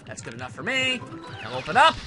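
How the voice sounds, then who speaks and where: A young man giving casual, sarcastic gameplay commentary, grumbling at the game and now and then bursting into shouts. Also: on the high side, very animated, fast. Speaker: let's play commentator. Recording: faint game music behind.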